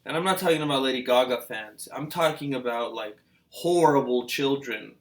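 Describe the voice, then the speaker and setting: Male vlog host, mid-pitched, chatty and meandering, lots of ums and restarts. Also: moderate pace. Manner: hesitant, full of fillers and restarts; musing, questioning. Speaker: reaction video host. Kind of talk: casual rambling commentary.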